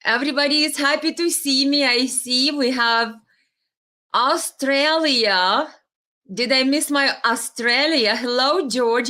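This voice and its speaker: A woman's voice: high-pitched, slow pace, pushed and bright. A woman hosting a casual live stream, chatting with viewers and greeting them by name, sometimes stumbling over names.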